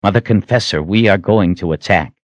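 A man's voice: deep voice, a little fast, dry recording, lightly acted. A man acts out an earnest young army captain in a storybook reading. He speaks with raised, intense conviction, pushing every line forward. The sound is dry and a little muffled. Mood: resolute.

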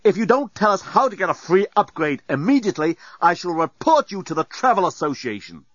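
A man's voice: high-pitched, big pitch swings, brisk, fairly bright tone, husky, no echo, pitched above the performer's own voice, exaggerated voice. A man voicing a flustered, sarcastic man given to histrionics in an audiobook, stammering, on a dry, slightly dull recording. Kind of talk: audiobook character voice.

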